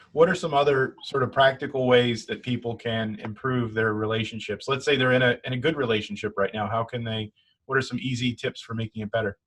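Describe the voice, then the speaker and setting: A man hosting an interview who asks his guest clear, measured questions. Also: mid-range voice, a bit bright. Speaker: podcast host.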